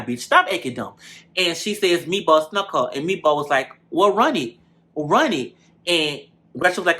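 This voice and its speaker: A man recapping a reality show episode in casual, animated commentary, full of cursing and gossip, often calling the viewers y'all. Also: high-pitched, normal speed.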